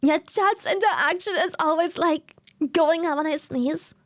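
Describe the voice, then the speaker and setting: A woman with a German accent, a native German speaker chatting casually on stream in an animated, slangy way with plenty of swearing. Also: very high-pitched, unhurried, no room sound, studio quality.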